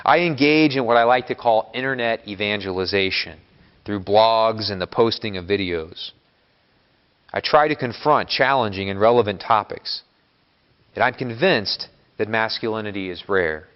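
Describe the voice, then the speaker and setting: A man's voice: lowish voice, smooth. Man preaching in a reverberant church. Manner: measured, emphatic delivery in lists. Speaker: Catholic priest. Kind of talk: homily. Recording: long church reverb, dull lo-fi sound.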